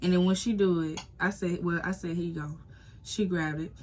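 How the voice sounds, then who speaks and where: Lowish young woman telling a storytime. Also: moderate pace, noisy background. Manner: animated, addresses viewers as y'all, acts out quotes. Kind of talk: casual storytime vlog.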